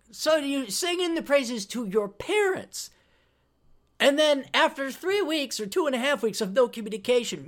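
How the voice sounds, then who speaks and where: A man talking on his podcast in a rambling, foul-mouthed way, drifting off on tangents and circling back to them. His pitch swings widely, rising and falling all through the telling, which keeps it animated. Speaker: podcast host. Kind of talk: casual storytelling monologue.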